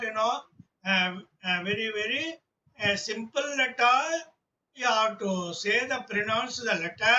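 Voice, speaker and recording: A man's voice: very high voice, sharp tone, distant mic, highs cut off. A male teacher, giving an online class lesson and patiently sounding out letters one by one.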